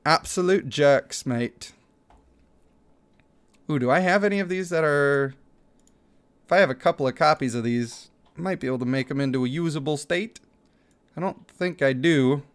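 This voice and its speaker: Animated male gaming streamer, fairly high voice. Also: brisk, smooth. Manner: animated, laughs often, reads chat aloud. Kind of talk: casual gaming livestream chat.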